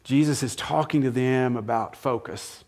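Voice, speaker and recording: A pastor preaching in an everyday, mid-pitched man's voice. He talks to the congregation like a friend, asking rhetorical questions and reading scripture aloud. He rises to forceful emphasis, then drops to hushed, gentle lines. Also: moderate pace. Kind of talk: sermon.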